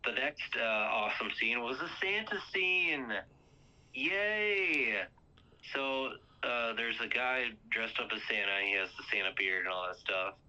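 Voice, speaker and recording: A man's voice: mid-range voice, normal speed, few pauses, sharp tone. A man hosting a casual movie recap chat, rambling and filling gaps with um and uh. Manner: rambling, fills with um and uh. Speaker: podcast host. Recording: lo-fi muffled sound.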